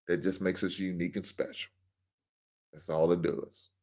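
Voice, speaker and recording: A man with a low voice rants bluntly as the host of his own show, joking between points. He talks in a loose, casual monologue. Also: flat delivery, moderate pace, a little mellow. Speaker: podcast host.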